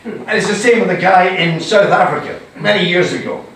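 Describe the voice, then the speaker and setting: Showy high-voiced man in an echoey hall. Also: a little fast. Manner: theatrical, animated storyteller acting out his stories. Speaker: whisky master distiller leading a tasting. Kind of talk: live tasting talk with anecdotes. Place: indoor event venue with an audience. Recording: very echoey room, distant, faint hum.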